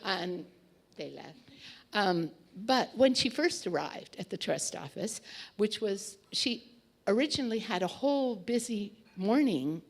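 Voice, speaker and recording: A woman's voice: medium pitch, lively intonation, unhurried. A woman telling a memory in a casual, chatty way, with fillers and restarts, acting out quoted lines. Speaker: storyteller recalling memories. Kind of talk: casual anecdotal storytelling.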